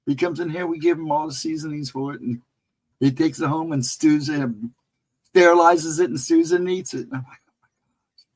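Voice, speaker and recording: A man's voice: fairly high pitch, moderate pace, long pauses, a little mellow, slightly rough, rough recording. A man hosting a casual livestream chat, telling loose, rambling anecdotes and chuckling often as he talks to viewers. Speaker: livestream host chatting with viewers.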